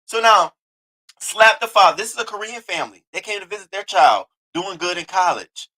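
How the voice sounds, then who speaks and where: A man's voice: high-pitched, a little fast, sharp tone, low-quality recording. A man hosting a news commentary show, reacting bluntly and indignantly to a video in casual, profane talk. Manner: blunt, indignant, swears freely.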